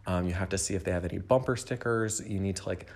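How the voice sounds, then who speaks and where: A young man talks alone into the mic from his home, his voice sitting a little low for a man. He rambles candidly, peppering his thoughts with "like" and "um," and often turns to speak directly to whoever is listening. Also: fast talker. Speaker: podcast host. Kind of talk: casual solo reflection.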